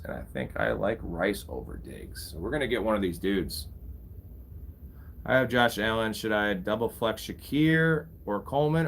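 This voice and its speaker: A man's voice: on the low side, slight background noise. A young man casually commentating a live fantasy football draft, bantering with his chat and swearing freely. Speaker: fantasy football streamer host.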